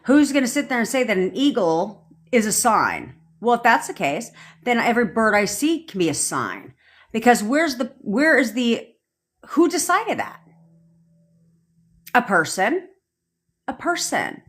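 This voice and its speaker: A woman's voice: a little high, sing-song, normal speed. A woman coaching viewers in a livestream rant, blunt and profane, hammering her points with repetition and frequent "okay?" checks. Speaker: manifestation coach.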